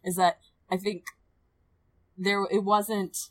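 A woman in casual podcast chat about a film, animated and quick to swear, sometimes dropping to a low mutter. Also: poor audio. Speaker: podcast co-host.

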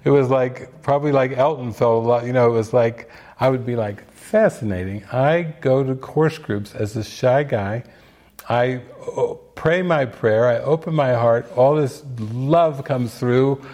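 A man's voice: mid-range voice, a little slow, a little mellow. An older man giving a casual spiritual talk, telling stories and acting out quoted voices. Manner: storytelling, acts out quoted voices. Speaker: spiritual teacher giving movie commentary.

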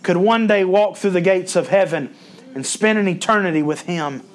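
High-pitched male pastor preaching, folksy storytelling, gets louder on scripture quotes. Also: moderate pace. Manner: preaching with rising emphasis on quotes, folksy asides. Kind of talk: sermon.

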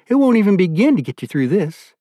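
A man's voice: fairly high pitch, expressive, normal speed, no room sound, studio quality, pitched above the performer's own voice. A man voicing a worried, blunt woman looking after her ailing husband, speaking up sharply. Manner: sharp, pleading, raised voice.

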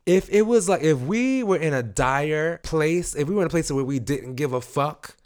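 A man, co-hosting a casual chat and telling stories in an animated, profane way. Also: on the high side, moderate pace.

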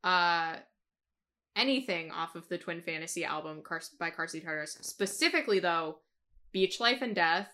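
A woman co-hosting a casual podcast, excitable and quick to gush and laugh. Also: lowish voice. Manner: excitable, laughs often, gushes. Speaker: podcast co-host. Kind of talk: casual chat.

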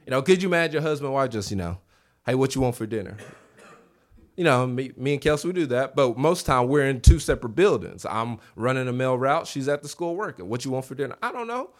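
A man preaching a revival sermon in a church, animated, acting out quoted voices and calling on the congregation to answer back. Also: mid-range voice, fast talker. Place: church sanctuary.

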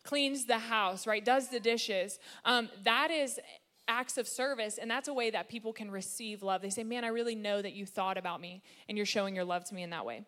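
A woman giving a playful sermon-style talk about marriage, lively and joking with the crowd. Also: medium pitch, a little fast. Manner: lively, playful, sprinkles in funny put-on voices. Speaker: married speaker at church.

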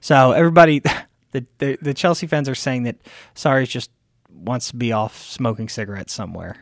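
A man's voice: medium pitch, normal speed, no echo. Guy cohosting a sports podcast, rambly, kinda tired, dry close mic. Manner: rambling, chatty, trails off and restarts. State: tired, yawning. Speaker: podcast co-host. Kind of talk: casual sports chat. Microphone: close studio mic.

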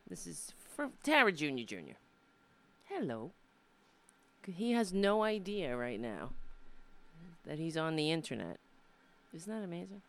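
A woman comedian from Brooklyn, USA, hosts her own show, delivering a casual live-stream monologue into a desk microphone. Her deep voice is sing-song and moderately paced, and she rambles in a profane, sardonic way.

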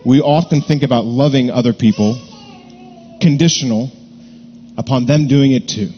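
A man preaching a sermon, earnest and deliberate, repeating key words to stress them. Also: mid-range voice, dark tone, big-room sound, dull audio, slight background noise. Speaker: pastor.

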